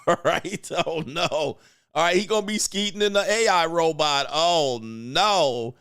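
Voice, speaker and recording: A man's voice: on the high side, a little slow, clear, resonant tone. Exclaiming man reacting to a clip. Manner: animated, exclaiming, laughing often. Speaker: host. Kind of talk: livestream reaction commentary.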